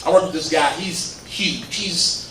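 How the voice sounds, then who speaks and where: A man performing a stand-up comedy set, telling stories in an animated way and slipping into quoted voices of his friends. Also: a little high, a little slow. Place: legion hall stage, live audience. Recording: echoey hall, captured from a distance, noisy. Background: audience laughter.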